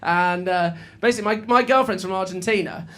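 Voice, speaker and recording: A man's voice: sits high, brisk. A man performing a stand-up comedy set on a club stage, chatty and self-mocking, often laughing and tripping over his words. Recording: live club audio with loud crowd laughter and noise.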